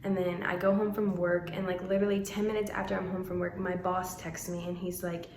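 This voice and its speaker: A woman in her twenties telling a story to her vlog audience in a chatty, animated way. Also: on the low side, fairly quick, slight background noise. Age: 20s. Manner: chatty, animated, laughing through the retelling. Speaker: vlogger. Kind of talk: casual storytime. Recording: echoey room.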